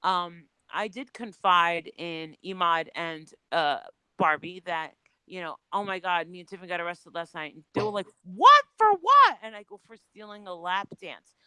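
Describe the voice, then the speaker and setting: A woman's voice: lowish voice, steady tone, moderate pace, pushed and bright, clean tone, no room sound, poor audio. A woman on a remote call, telling a personal story as a panel guest in a candid, chatty way with some swearing.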